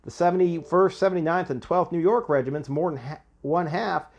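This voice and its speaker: A man doing a young Southern soldier with a put-on American Southern accent, reading his letter home in a boastful, spirited voice. The voice runs a bit higher and louder than a plain reading, with a gravelly edge. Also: brisk, highs cut off.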